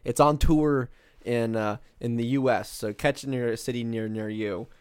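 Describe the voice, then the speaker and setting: A man's voice: medium pitch, steady tone, moderate pace, smooth, no echo. Guy cohosting a podcast, rambly, lots of ums, dry close sound. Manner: rambling, hedging with lots of fillers. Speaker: podcast co-host. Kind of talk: casual political chat.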